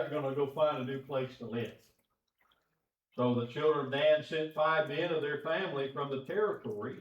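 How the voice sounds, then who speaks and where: A man teaching a Bible class in a folksy, conversational way, chuckling often, recorded in a church auditorium. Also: a little high. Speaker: preacher. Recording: echoey church room, distant dull mic.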